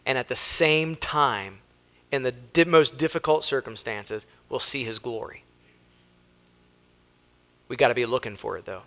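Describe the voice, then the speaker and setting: A man's voice: mid-range voice, unhurried, pauses often, a bit bright. An American man, a pastor preaching a sermon with emphasis, reading scripture aloud and acting out the people in the story. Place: church sanctuary.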